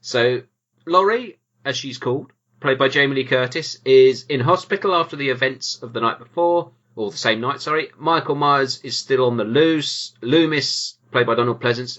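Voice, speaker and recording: A man's voice: mid-range voice, bright, forceful tone. Joking man on a lo-fi podcast. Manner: joking, drily sarcastic. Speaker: podcast co-host. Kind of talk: casual chat. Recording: dull lo-fi podcast audio.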